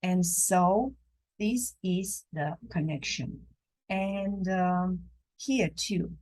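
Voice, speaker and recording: Slow, gentle woman teaching drawing. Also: fairly low pitch, rough recording. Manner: slow, gentle, non-native phrasing with many pauses. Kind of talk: live drawing lesson. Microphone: camera while drawing at a table.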